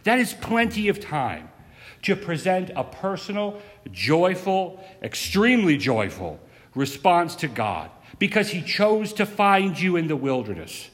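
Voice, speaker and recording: A pastor giving a sermon in a measured preaching style, with pauses and rhetorical questions. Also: male voice, high voice, wildly swooping pitch. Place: church sanctuary. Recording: reverberant sanctuary.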